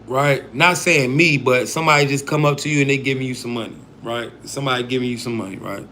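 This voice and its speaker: A man's voice: mid-range voice, fast talker, sharp tone, a little hiss or hum. A man giving a casual, profane livestream talk on a mindset program, often checking in with "right?" and "bro".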